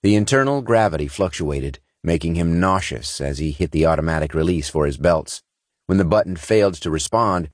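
A man reading scripted narration in a steady, measured way from a close studio mic. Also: sits low, no room sound. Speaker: audiobook narrator. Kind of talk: scripted science fiction narration.

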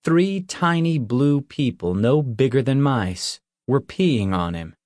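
A man reading a dark novel aloud at a slow, unhurried pace, with a mid-pitched voice. The recording is close and dry, like a home booth. Each sentence is laid down evenly and deliberately. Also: dry recording. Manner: measured, even storytelling. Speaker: audiobook narrator. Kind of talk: scripted audiobook narration.

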